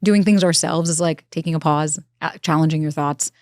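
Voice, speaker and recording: A woman relationship expert talks fast and emphatically in a podcast interview, acting out her clients' words. Her voice sits low, and the sound is close and dry. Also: steady tone, darkish tone, no echo. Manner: emphatic, acts out quotes from clients. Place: recorded in Los Angeles.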